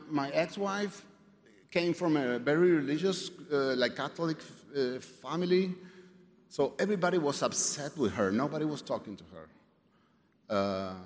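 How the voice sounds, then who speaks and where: A man sharing his personal story at a recovery meeting, halting, with many fillers, restarts and swearing, and some wry humor. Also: on the high side. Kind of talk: personal testimony. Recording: reverberant hall, faint background noise.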